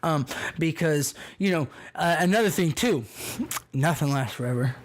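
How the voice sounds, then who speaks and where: A man's voice: on the high side, animated, normal speed. A man, a guest on a casual podcast, telling stories in a rambling, profane, slang-heavy way.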